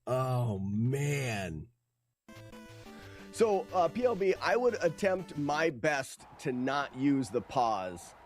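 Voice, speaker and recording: A man with a mid-range, sing-song voice streams a game and casually comments on the live gameplay, taking it slowly. He rambles, mocks himself, and often laughs and swears, with faint music playing behind him.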